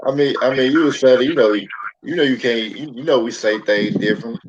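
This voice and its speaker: A man's voice: medium pitch, quick pace. A man hosting a casual chat, talking loosely and often repeating words with "you know" fillers. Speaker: host. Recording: dull lo-fi audio with faint noise.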